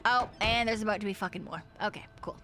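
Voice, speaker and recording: A woman's voice: medium pitch, fast, pushed and bright. A woman VTuber streaming a game, chattering to herself in a giggly, rambling way and swearing freely. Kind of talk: casual gaming livestream chatter.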